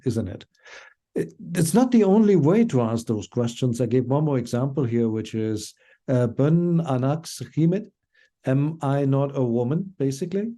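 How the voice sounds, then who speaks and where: Man teaching with a dark voice. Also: mid-range voice. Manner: relaxed explaining with many fillers. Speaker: language teacher. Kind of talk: online class lecture.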